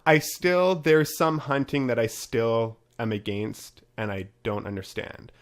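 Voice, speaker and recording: A man's voice: medium pitch, steady tone, measured pace. A man hosting a casual podcast, chatty and upbeat as he runs through promos and talks with his guest. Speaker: podcast host.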